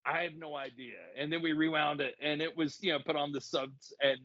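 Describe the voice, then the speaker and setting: Podcast co-host: American man, high-ish and bright, loose rambling delivery, dry lo-fi recording. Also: brisk, no echo. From United States. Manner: animated, laughs often, rambling asides. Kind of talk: casual chat. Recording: dull lo-fi dry sound.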